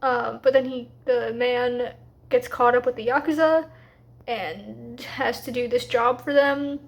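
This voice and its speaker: A woman talking casually in a reading vlog, chatty and a little rushed, with lots of fillers. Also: on the high side, steady tone, creaky. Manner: quick, slightly rushed asides. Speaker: book vlogger.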